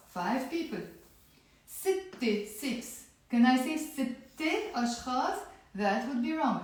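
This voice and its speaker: A woman teaching an online language lesson, energetic, drilling words and coaxing viewers to repeat. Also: high-pitched, normal speed. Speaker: Arabic teacher. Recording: very echoey room.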